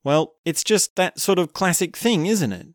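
A man casually recapping a film, telling it with animated energy and acting out the characters' lines with chuckles. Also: high-pitched, normal speed, no echo, clean studio sound. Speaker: film reviewer.

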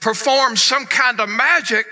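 Bright, high-pitched preaching man. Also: a little slow. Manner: emphatic preaching, swings between loud and hushed. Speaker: pastor. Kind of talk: sermon.

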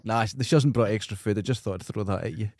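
A man's voice: on the low side, fast talker, a little mellow, dry recording. Scottish guy teasing his co-host, dry jokes, dead dry studio sound. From Scotland. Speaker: podcast co-host. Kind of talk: casual chat.

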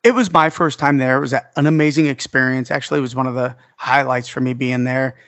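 A man's voice: mid-range voice, fairly even intonation, fast talker, a bit bright, dry recording, lo-fi sound. A man hosting a podcast in casual chat, enthusiastic and crude-humored, recounting a trip. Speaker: podcast host.

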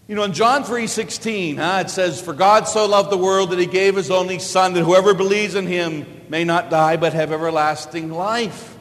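High-voiced priest preaching in a hall. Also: male voice, fairly quick, few pauses. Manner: storytelling homily, big swings from low asides to loud exclamations. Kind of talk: sermon. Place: church.

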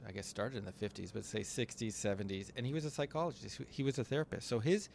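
A man with a lowish voice co-hosts a relaxed podcast conversation. He talks through ideas patiently and in a measured way, stopping now and then to find his words. A faint hum of room ambience sits behind him. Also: vocal fry. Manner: thoughtful, explains step by step with pauses and fillers. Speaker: podcast co-host.

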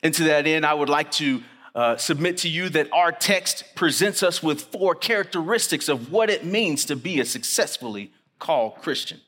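A man preaching a chapel sermon, earnest and emphatic, slowing down to stress key lines. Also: fairly high pitch, expressive, a bit bright. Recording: long reverb of a chapel hall.

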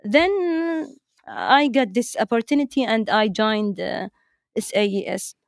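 A woman's voice: a little high, expressive, takes it slowly, creaky, no room sound. Woman, Arabic speaker, storytelling teacher, chatty, repeats words, dry close sound. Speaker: teacher, interview guest. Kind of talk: storytelling anecdote.

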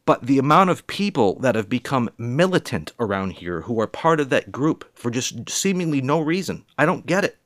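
A man's voice: mid-range voice, big pitch swings, normal speed, hardly any pauses, fairly bright tone, no echo. Brief Forties male from New England, angry rant, swears constantly, plain mid voice, dry close sound. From New England, USA. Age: 40s. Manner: heated, profane, rambling and repetitive. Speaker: vlogger. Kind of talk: profane ranting monologue.

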